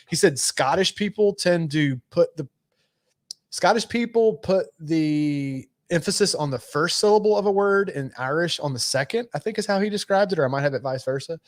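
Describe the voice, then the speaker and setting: A man's voice: a little high, expressive, fairly quick, no echo, studio quality. A man co-hosting a podcast, chatting casually in a laid-back, rambling way with plenty of fillers and swearing. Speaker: podcast co-host. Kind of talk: casual chat.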